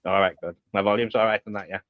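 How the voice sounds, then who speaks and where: A man's voice: on the low side, steady tone, rapid-fire, dry recording, lo-fi sound. A man with a Scouse accent, a first-time guest chatting casually and correcting the host with a swear. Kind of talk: casual chat.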